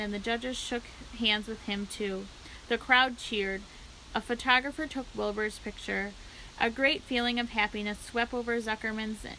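Woman storyteller, bright, slightly high voice, steady children's book read-aloud. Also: slight background noise, poor audio. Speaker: library storyteller.

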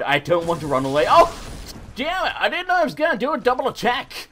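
An English man giving excitable, self-mocking gameplay commentary, swearing and laughing often. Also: high-pitched, a little fast, a little hiss or hum. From England. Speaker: let's play host.

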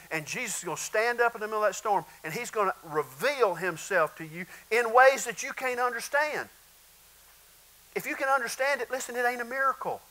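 A man's voice: high-pitched, bright, forceful tone, low-quality recording. A male pastor preaching a sermon in an emphatic, repetitive way, often calling out to the congregation.

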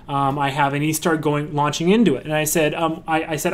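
A man's voice: a little high, level tone, brisk, hardly any pauses. A man giving a casual lecture on crowdfunding his film, chatty and full of fillers and restarts, breaking into a story. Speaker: filmmaker teaching about crowdfunding.

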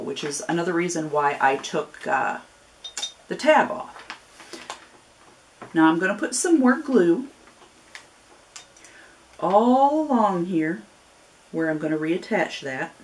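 A low-pitched woman from Northern Ohio whose Northern US accent carries a growing Southern twang. She walks through a craft project in a chatty, folksy way, drifting into friendly warnings and side stories. A faint hiss of background noise sits under her voice. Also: big pitch swings, unhurried, pauses often. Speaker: craft tutorial host. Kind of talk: casual step-by-step craft demonstration.

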